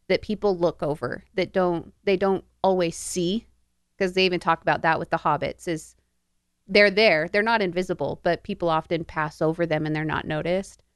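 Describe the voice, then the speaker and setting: A woman's voice: lowish voice, steady tone, moderate pace, clear, resonant tone, no room sound, studio quality. An adult woman co-hosting a podcast, speaking thoughtfully and earnestly in a casual book discussion. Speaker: podcast co-host.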